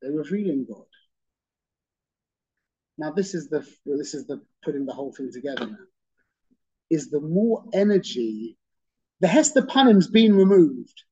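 Husky, mellow-voiced male teacher. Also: a little high, big pitch swings, measured pace, pauses often, lo-fi sound. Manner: conversational, checks in with "okay?" and "yeah?"; repeats phrases for emphasis. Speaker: Torah teacher. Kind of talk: teaching a religious class.

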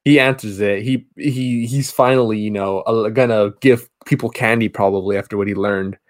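A man's voice: on the low side, fairly even intonation, moderate pace. A man co-hosting a podcast, casually retelling a horror film's plot with many restarts and asides. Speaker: podcast co-host. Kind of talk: casual movie review chat.

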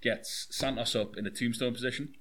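A man's voice: mid-range voice, fairly even intonation, brisk, fairly bright tone. A man chatting as a podcast co-host about a wrestling match, joking and hesitating with fillers. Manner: chatty, jokey, hesitant with ums. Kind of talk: casual chat recapping a wrestling show.

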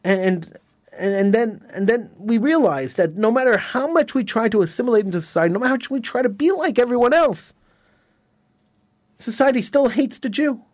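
High-voiced, indignant talk radio host. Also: male voice, expressive, brisk, darkish tone, no echo. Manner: emphatic, indignant, repeats words and phrases.

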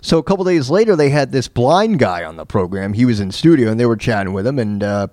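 A Florida man hosts his own podcast, telling a story in a loose, rambling monologue full of fillers and restarts. His medium-pitched voice is sing-song and a little mellow, he talks fast, and the studio-quality audio has no echo.

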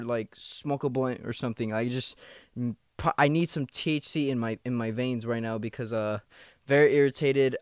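A man's voice: on the high side, clear, resonant tone, dry recording, studio quality. A young man hosting a casual solo podcast late at night after work, tired, irritated and rambling with lots of swearing and restarts. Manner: rambling, profane, restless and agitated. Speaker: podcast host.

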